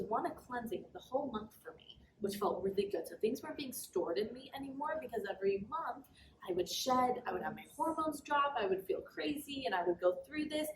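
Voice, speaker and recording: A young woman guesting on a podcast chats candidly about her own life, casual and talkative, saying "like" constantly. Her voice is a little high, animated and a little fast, picked up by a distant mic in a roomy space with background noise.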